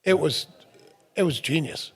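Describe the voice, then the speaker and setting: A middle-aged man with a notably high-pitched speaking voice hosts a relaxed podcast conversation. He tells stories with plenty of energy, laughs often and acts out other people's lines as he goes. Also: unhurried, husky, soft background music. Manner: animated storyteller, laughs often, acts out quotes. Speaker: podcast co-host. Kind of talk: casual chat.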